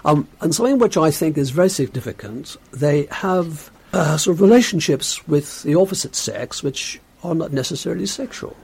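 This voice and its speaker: A man's voice: on the high side, expressive, moderate pace, creaky, few pauses, a little mellow, breathy edge. An older man with a Bolton accent under a put-on transatlantic one, guesting on a radio chat with dry, self-mocking humour. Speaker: guest, a co-host's father.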